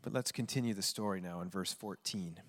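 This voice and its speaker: A man preaching a sermon, expressive and emphatic, reading scripture and asking the listeners questions. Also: low-pitched, fairly quick, in a large hall. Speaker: pastor.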